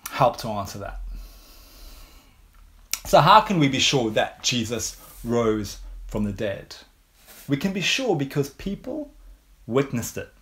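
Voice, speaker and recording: Slow, measured English preacher man. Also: medium pitch. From England. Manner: measured, unhurried preaching with frequent rhetorical questions. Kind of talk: sermon.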